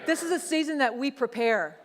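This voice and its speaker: A middle-aged woman pastor preaching a sermon, telling a personal testimony in a conversational, animated way. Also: high voice, a little fast. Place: church sanctuary. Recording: long church hall reverb.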